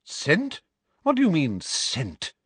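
A man's voice: on the high side, huge pitch swings, slow pace, fairly bright tone, husky, dry recording, pitched above the performer's own voice, exaggerated voice. A man voicing a strict older woman professor who speaks in clipped, scolding questions. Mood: stern. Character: stern older female professor, strict and brisk.

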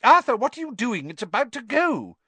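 A man voicing a fussing, motherly middle-aged witch, lifting his voice high and loud as she calls out. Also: huge pitch swings, a little slow, dry recording, exaggerated voice. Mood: urgent calling.

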